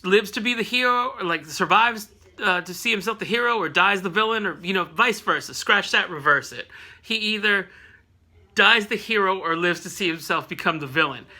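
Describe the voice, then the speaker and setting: A man casually recapping a comic book issue, rambling with jokes and quick asides to viewers. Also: sits high, pushed and bright. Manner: rambling, joking asides, frequent laughs.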